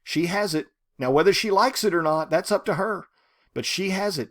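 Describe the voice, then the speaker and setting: A man teaching a short story, talking in an animated, rhetorical way and often checking in with "right?". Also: high voice, moderate pace. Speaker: literature teacher.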